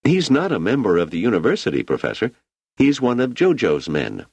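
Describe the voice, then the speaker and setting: A man's voice: medium pitch, huge pitch swings, brisk, creaky, darkish tone, husky, no echo, voice pushed up, full character voice. A man voicing an anxious young male assistant in a storybook reading, pleading and nervous.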